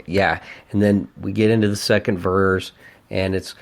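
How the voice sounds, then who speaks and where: A man hosting his own podcast, reviewing an old album in a casual, rambling way, swearing often and getting excited about the music. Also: on the low side, moderate pace. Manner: profane, rambling and enthusiastic. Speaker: podcast host.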